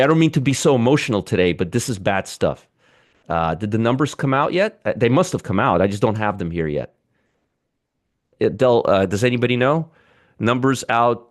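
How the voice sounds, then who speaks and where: A man's voice: medium pitch, lively intonation, normal speed. A man hosting live market commentary, ranting sarcastically and muttering over charts as he reads them.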